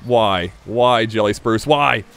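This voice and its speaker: A man with a slight Southern US accent giving rambling, self-mocking commentary while playing a game, breaking into sudden excited yelps. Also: lowish voice, slow pace, vocal fry. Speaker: gaming YouTuber. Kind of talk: casual gameplay commentary.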